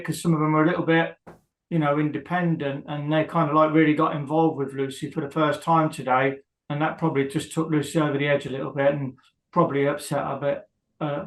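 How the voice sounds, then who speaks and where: A man being interviewed, talking hesitantly with many pauses and fillers as he rambles through what happened. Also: a little high, echoey room, poor audio. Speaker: guest, husband of a prisoner. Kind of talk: emotional interview.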